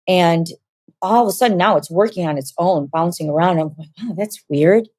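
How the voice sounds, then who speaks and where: A woman telling a personal story as an interview guest, animated and acting out quoted dialogue. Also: lowish voice, a little fast, dry recording.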